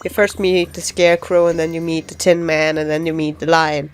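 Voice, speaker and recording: A woman's voice: deep voice, flat delivery, brisk. Chatty woman narrating gameplay. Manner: chatty, giggly, rambling. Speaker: let's play commentator. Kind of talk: casual gameplay commentary.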